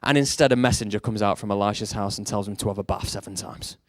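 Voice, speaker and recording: A man preaching a sermon with animated storytelling that swings between hushed and emphatic. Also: fairly low pitch, fast, no room sound, clean studio sound.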